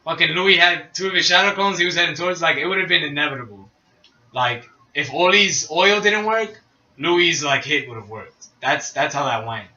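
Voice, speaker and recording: Bright-voiced man rambling about games. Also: fairly high pitch, lively intonation, moderate pace, lo-fi sound. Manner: rambling, heavy swearing. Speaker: podcast co-host. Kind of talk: casual gaming podcast chat. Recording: echoey room, mic at a distance.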